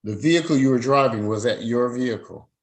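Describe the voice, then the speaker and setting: A man's voice: mid-range voice, fairly quick, low-quality recording. A man presiding as a judge, formally reading out charges, fines and rights in a court hearing. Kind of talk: court proceedings over a video call.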